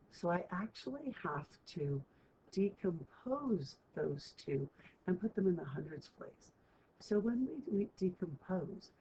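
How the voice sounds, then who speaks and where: A woman teacher walking students through a math lesson, chatty and checking in with them often. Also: fairly low pitch. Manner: chatty, keeps checking in with "right?". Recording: muffled lo-fi recording, faint hiss.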